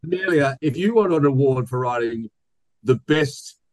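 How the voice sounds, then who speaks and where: A man's voice: mid-range voice, animated, moderate pace, crowd noise, low-quality recording. An Australian man co-hosting a casual sports podcast, rambling and joking as he reads listener mail. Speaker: podcast co-host. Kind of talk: casual chat.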